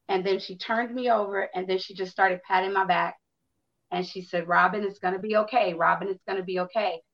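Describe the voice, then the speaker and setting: A woman's voice: medium pitch, lo-fi sound. Woman candidly telling a personal story. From Chicago. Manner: candid, animated storytelling with acted-out quotes and swearing.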